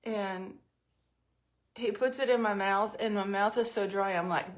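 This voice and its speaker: A middle-aged woman tells a rambling story at home in an unhurried, drawn-out way, her voice sitting at an ordinary middle pitch. She is chatty and pokes fun at herself as she works through her makeup routine. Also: steady tone. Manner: chatty, self-mocking storyteller. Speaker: vlogger doing makeup. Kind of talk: casual storytelling vlog.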